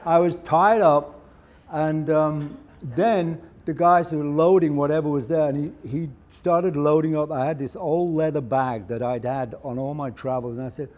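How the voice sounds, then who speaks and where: Older Englishman telling lively anecdotes. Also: a little high, moderate pace. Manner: animated anecdotes, laughing often. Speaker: interviewer. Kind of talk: onstage conversation. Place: live event before an audience.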